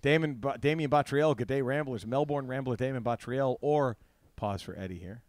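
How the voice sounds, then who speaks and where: A man's voice: mid-range voice, normal speed, a little mellow, no room sound. A man co-hosting a podcast in casual banter, laughing often and swearing freely. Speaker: podcast co-host.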